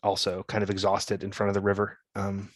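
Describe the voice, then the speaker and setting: A male tabletop game player with a fairly low voice, recorded very dry and close. He speaks in a wry, questioning way, slipping in and out of character. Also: monotone, brisk, dry recording.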